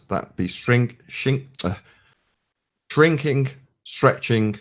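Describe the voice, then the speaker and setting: A man's voice: on the low side, no room sound. A man hosting a live stream who debates bluntly, quizzing his caller with sarcasm. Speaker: stream host. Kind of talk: casual debate.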